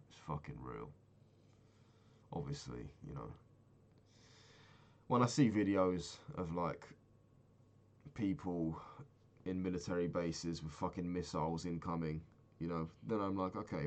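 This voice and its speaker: Young male vlogger from England, deep voice, downcast confessional diary, frequent swearing, trailing sentences. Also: measured pace. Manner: low-key, heavy swearing, trailing off. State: sad, recently crying. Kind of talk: personal video diary.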